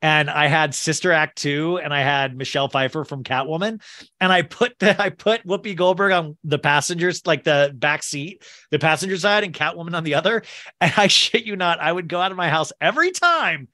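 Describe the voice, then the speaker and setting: Male podcast host, somewhat high, bright voice, rambling self-mocking stories, dry close mic. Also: a little fast, dry recording. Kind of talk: casual podcast chat.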